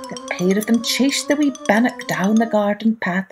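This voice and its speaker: A woman hosting a children's storytelling podcast, reading a folk tale aloud in a lively, expressive way. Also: on the high side, normal speed, music in the background.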